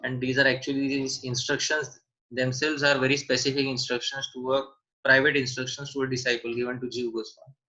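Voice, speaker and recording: Emphatic man teaching, bright lo-fi voice. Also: mid-range voice, flat delivery, fairly quick. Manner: emphatic, repeats key points. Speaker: seminar teacher. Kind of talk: scripture seminar answering questions.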